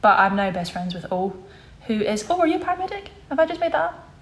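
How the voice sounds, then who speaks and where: A woman's voice: on the high side, sing-song, fast. A woman in her twenties from Scotland, chatting casually on a livestream as host, rambling and correcting herself as she reads comments. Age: 20s. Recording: echoey room.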